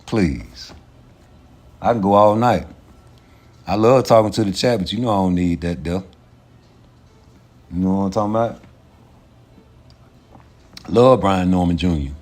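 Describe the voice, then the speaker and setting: A man hosting a casual livestream, ranting in a profane, animated way and laughing often. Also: sits low, unhurried, pauses often. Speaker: livestream host.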